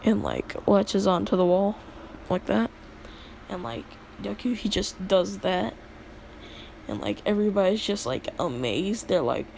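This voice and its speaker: A woman's voice: mid-range voice, very animated, unhurried, creaky, darkish tone, slight background noise. A young woman casually retelling a made-up story in a rambling, filler-heavy way, laughing at her own jokes.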